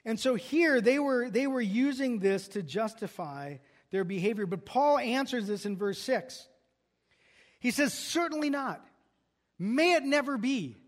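A man's voice: very high voice, expressive, measured pace. A pastor preaching an earnest expository sermon, often restarting and repeating words as he works through a passage.

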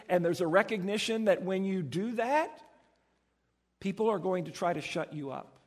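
A male pastor delivers a sermon in a high, somewhat husky voice, bringing his stories to life by acting out the people in them. His voice carries a long reverb, as if it is filling a church sanctuary. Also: normal speed. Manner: animated storytelling, acts out voices.

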